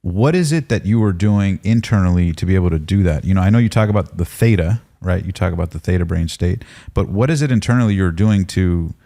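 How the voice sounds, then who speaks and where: Man, podcast host, deep voice, mellow tone, attentive, structured questions. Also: animated, fairly quick, creaky, hardly any pauses. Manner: attentive, frequent short backchannels, structured questions. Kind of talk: interview questions.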